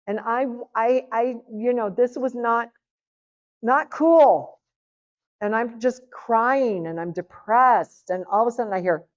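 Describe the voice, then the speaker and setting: Middle-aged woman sharing her testimony at a church seminar, lively storyteller, kinda dull lo-fi sound. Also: fairly high pitch. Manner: lively storytelling, acts out dialogue. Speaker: guest speaker giving a personal testimony. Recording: lo-fi, dull recording.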